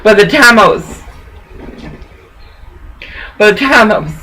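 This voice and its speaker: A woman's voice: medium pitch, animated, slow, sharp tone, low-quality recording. A woman recording a rambling personal monologue at home on her laptop, preachy and emotional, swinging between laughter and bitterness. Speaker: vlogger. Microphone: laptop webcam.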